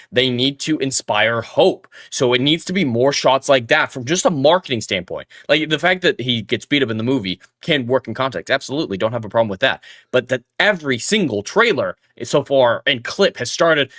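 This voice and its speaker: A man co-hosting a casual podcast discussion, making his points in a measured, critical way. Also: mid-range voice, a bit bright, dry recording, clean studio sound. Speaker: podcast co-host.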